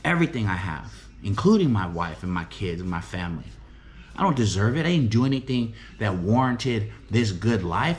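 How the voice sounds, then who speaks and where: Speaking at a normal pace in a lowish voice with lively intonation, a middle-aged preacher and recovery home director delivers a heartfelt, forceful talk about faith and recovery. He repeats phrases frequently and keeps asking "right?"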